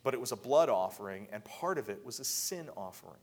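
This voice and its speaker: A man preaching a sermon in a conversational way, often repeating words and building to emphatic high peaks. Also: expressive, fast, a little mellow. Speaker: pastor.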